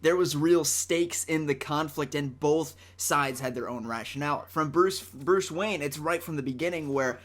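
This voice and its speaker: A man who is a guest in a casual movie debate. He is excitable and argumentative, with stumbling restarts. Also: on the high side, normal speed, few pauses.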